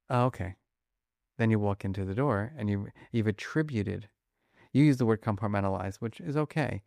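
An emotion researcher is being interviewed as a guest, talking fast and animatedly and acting out his examples in conversation. His voice is gravelly and lowish. The recording is dry and studio-clean.

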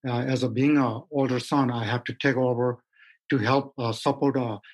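A man in his fifties from Nepal answers interview questions as a mountaineer guest. He speaks haltingly, with many fillers and plain, simple phrasing. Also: mid-range voice, steady tone, poor audio.

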